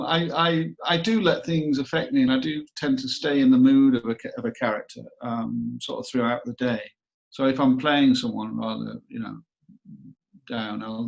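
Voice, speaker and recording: A man's voice: mid-range voice, gravelly. A middle-aged man from northern England, chatting in an interview, rambling and self-deprecating and repeating his words. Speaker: actor guest. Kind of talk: casual interview chat. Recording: dull lo-fi recording.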